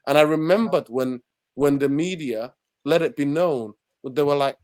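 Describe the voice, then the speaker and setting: A man's voice: on the high side, animated, normal speed. A man from Manchester, ranting passionately about football as a podcast guest. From Manchester, England. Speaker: podcast guest and channel host. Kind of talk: heated football podcast discussion.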